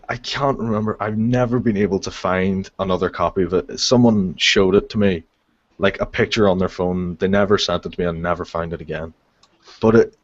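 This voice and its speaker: A young man with a Northern Irish accent, spinning stories in relaxed chat and swearing as he goes. His voice sits a little low and comes through dry and dull, like a lo-fi call. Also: no echo. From Northern Ireland. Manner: swearing freely, laughing at his own stories. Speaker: guest on a live chat show. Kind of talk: casual storytelling. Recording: dull lo-fi sound.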